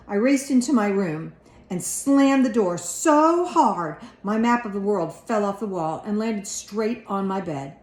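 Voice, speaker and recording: Woman reading a storybook aloud. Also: mid-range voice. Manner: expressive narration. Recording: echoey room.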